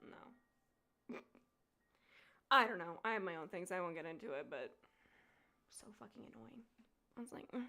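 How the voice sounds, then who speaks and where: A streamer in her twenties chats casually while playing a game, her mid-range voice swearing freely and breaking into frequent laughter. She quietly reads game lines aloud.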